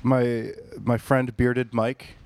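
A man's voice: mid-range voice, level tone, slow, darkish tone, no echo. A man telling a bar story in casual podcast chat, rambling and profane, often restarting mid-sentence.

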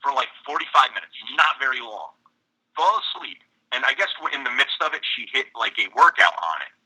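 A man's voice: mid-range voice, sing-song, a little fast, sharp tone, breathy edge, rough recording. A man in casual chat as a podcast co-host, a wry, grumbling complainer.

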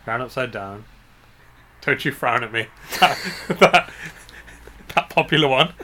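A man's voice: mid-range voice, lively intonation, unhurried, bright, forceful tone, slight background noise. A man chatting casually on a podcast, joking, giggling and rambling through wordplay. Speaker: podcast co-host. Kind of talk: casual comedic chat.

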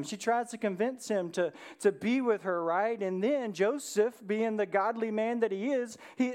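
A preacher telling an old story in a relaxed, chatty sermon. The delivery keeps checking in with the listeners, dropping in questions and quick asides. The pitch sits in an ordinary middle range. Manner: conversational storytelling with frequent "right?" asides; addresses listeners directly with questions.

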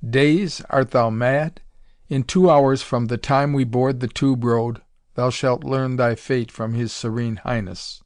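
A man's voice: steady tone, slow pace, dry recording, clean studio sound, lightly acted. A man voicing a fierce, proud warrior officer who speaks in archaic thee-and-thou English. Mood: jeering. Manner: archaic thee-and-thou speech, deep and commanding.

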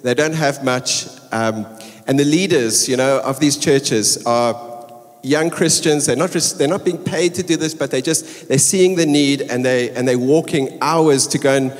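A man speaking earnestly to a congregation, encouraging them with some halting restarts. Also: mid-range voice. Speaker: church leader addressing the congregation. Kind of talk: church service address. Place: church hall. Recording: reverberant hall.

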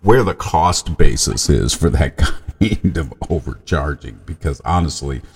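A man's voice: rumbling low, lively intonation, a little slow, vocal fry, husky. A man hosting his own podcast, chatting casually in a rambling way with self-corrections and chuckling asides. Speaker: podcast host. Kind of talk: casual solo podcast monologue.

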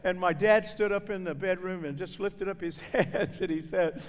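An older man speaking to a gathering, telling humorous stories in a folksy, animated way and acting out the people in them. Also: high-pitched, normal speed. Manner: folksy, animated, acts out voices. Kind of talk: humorous storytelling talk. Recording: long hall reverb.

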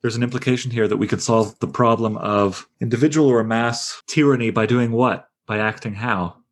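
A man's voice: medium pitch, steady tone, moderate pace. A man leading a book discussion podcast, reflecting aloud, asking questions and reading passages to the group. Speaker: discussion leader.

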